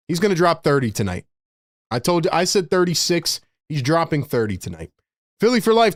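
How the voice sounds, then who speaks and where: High-voiced excitable male play-by-play host. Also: dry recording, clean studio sound. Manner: excitable and casual, slangy, bursts into laughter. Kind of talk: live play-by-play commentary.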